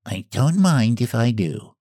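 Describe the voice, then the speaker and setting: A man reading a storybook, voicing a cool, aloof talking tomcat who speaks in a cold, even, deadpan tone. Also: medium pitch, normal speed, no room sound, studio quality, pitched above the performer's own voice, close to an everyday voice. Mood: cool, indifferent.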